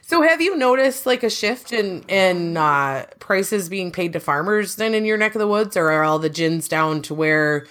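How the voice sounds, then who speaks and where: A woman's voice: fairly low pitch, animated, normal speed, hardly any pauses, a bit bright. A woman co-host who talks about farm markets in a chatty, self-deprecating way and asks lots of questions. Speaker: agricultural market analyst, co-host. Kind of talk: casual podcast chat.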